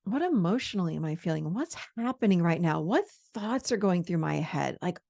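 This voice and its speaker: A woman in her fifties talks through how to handle triggers in a casual coaching tone. Her voice sits low and has a gravelly edge. She often slows down to act out calm, soothing self-talk. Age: 50s. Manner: conversational, with quoted inner dialogue. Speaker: host.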